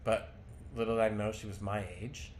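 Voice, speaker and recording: A man's voice: fairly low pitch, level tone, moderate pace, slight background noise. A man telling his own life story to camera in a candid, rambling, self-deprecating way.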